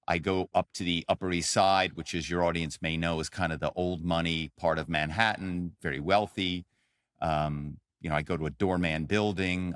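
A middle-aged man, a guest on an interview show, telling his story in an animated, conversational way with many fillers. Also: deep voice, dry recording, studio quality. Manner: animated storyteller, frequent "um" and "you know". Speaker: podcast guest, author and former corporate spy.

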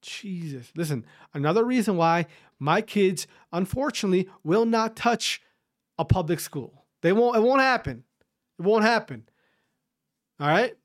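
A man rambles through a solo podcast monologue, blunt and profane. He repeats himself often, and his voice sits slightly high for a man. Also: animated, normal speed. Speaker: podcast host. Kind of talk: casual ranting podcast monologue.

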